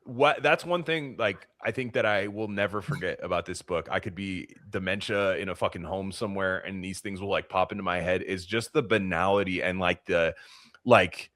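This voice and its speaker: Bright rambling man, dry close sound. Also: low-pitched, normal speed, no room sound. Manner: rambling, laughing, lots of filler and restarts. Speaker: podcast co-host. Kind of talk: casual book discussion.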